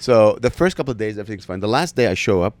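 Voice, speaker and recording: A man's voice: fairly low pitch, lively intonation, racing, no echo. A man co-hosting a comedy podcast, telling a story in casual chat and acting out the people in it. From Arab background. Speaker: podcast co-host.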